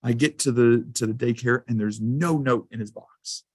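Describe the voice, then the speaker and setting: A man's voice: mid-range voice, normal speed, a little mellow, breathy edge, no echo. A man giving a school safety presentation to a council, telling personal anecdotes in a loose, conversational way with frequent fillers.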